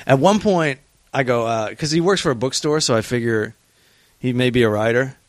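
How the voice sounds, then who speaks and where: A man, a touring stand-up comic, telling stories in casual podcast chat, profane and animated, acting out the people he quotes. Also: mid-range voice, normal speed, dry recording. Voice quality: profane, animated storyteller who acts out quotes. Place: hotel room.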